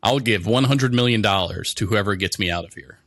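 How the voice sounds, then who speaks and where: A man's voice: lowish voice, fairly quick, a bit bright. A young man co-hosting a podcast, chatting casually and quizzing his friend, rambling with lots of fillers. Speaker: podcast co-host. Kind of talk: casual chat, quiz host.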